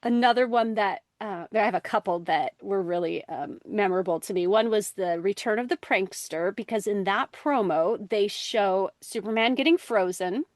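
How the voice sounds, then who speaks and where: A woman co-hosting a podcast in casual chat, telling stories with bursts of excited quoted voices. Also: mid-range voice, moderate pace, few pauses, no echo. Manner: animated storyteller, jumps into excited quoted voices. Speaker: podcast co-host.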